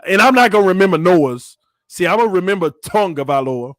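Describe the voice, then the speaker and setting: A man hosts a casual live-stream, chatting back at viewer comments. His voice sits high and he laughs a lot, jokes freely, and trips over names. The sound is dry and close, with almost no room around it. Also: brisk, dry recording. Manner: animated, laughing, joking, stumbling over names. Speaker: channel host.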